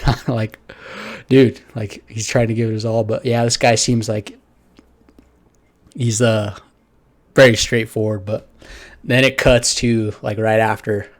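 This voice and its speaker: A man with a slightly low voice talks through an anime episode in a loose, rambling review. He leans on fillers and restarts, tossing in casual swearing as he goes.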